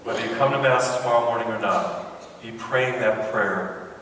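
Folksy priest preaching in an echoey church. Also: male voice, mid-range voice, normal speed, fairly bright tone, distant mic, slight background noise. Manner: joke-telling, folksy storyteller. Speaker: priest giving a parish mission. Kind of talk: sermon with jokes. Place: large church.

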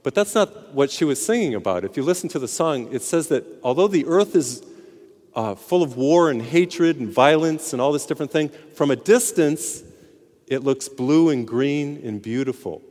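A man's voice: fairly high pitch, animated, moderate pace, a little mellow. A man, a priest, giving a sermon in a conversational, storytelling way, sometimes emphatic, in a large reverberant hall.

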